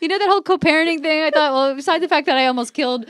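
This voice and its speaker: A high-pitched woman in her thirties chatting quickly on an interview show. She tells self-deprecating stories, laughs through them and leaps up in pitch when she acts out quotes. The recording is close and dry. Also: no room sound. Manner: animated storyteller, acts out quotes with big pitch jumps. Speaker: podcast guest, mom lifestyle expert. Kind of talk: casual interview chat.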